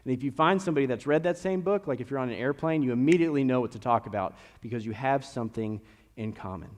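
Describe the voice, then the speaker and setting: A man's voice: medium pitch, quick pace. A young man from Kentucky with a slight Kentucky accent, preaching a conversational sermon full of storytelling. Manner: storytelling, conversational with animated rises. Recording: long reverb of a church hall.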